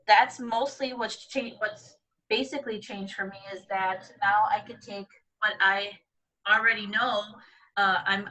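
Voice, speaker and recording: A woman's voice: medium pitch, fairly bright tone. Hesitant woman, far from the mic. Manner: nervous, hesitant, many fillers. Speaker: guest. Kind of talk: casual video-call chat. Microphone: video call.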